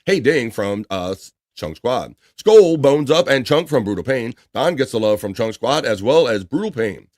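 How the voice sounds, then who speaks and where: A man's voice: medium pitch, very animated, moderate pace, few pauses, a little mellow, no echo, clean studio sound. A man hosting a casual livestream, reading viewer messages aloud in a loose, chatty way. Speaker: livestream host reading chat. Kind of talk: casual chat.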